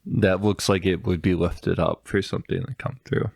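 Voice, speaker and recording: A man's voice: sits low, steady tone, moderate pace, vocal fry, a little mellow, husky, no room sound, studio quality. A man co-hosting a podcast, playfully retelling a film from memory and chiming in on his partner's lines. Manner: playful, laughing, finishes the other's lines. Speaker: podcast co-host.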